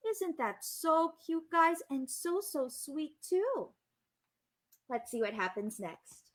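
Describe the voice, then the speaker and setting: A Filipino woman reading a story aloud live for children, animated and gushing, often asking the kids questions. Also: high voice, slow pace. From Philippines.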